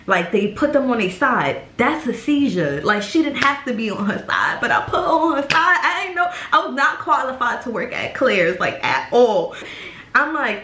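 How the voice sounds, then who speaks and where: Animated young woman in an echoey room. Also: fairly high pitch, moderate pace, a little hiss or hum. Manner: animated, profane, acts out voices. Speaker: YouTuber telling a story. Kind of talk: casual story time.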